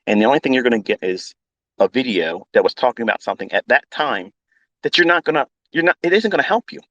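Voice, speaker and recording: Brief: male trading mentor, foul-mouthed and emphatic, dry close sound, mid pitch. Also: lively intonation, quick pace, fairly bright tone, dry recording, lo-fi sound. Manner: blunt, swearing, repetitive, emphatic. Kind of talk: unscripted profane rant.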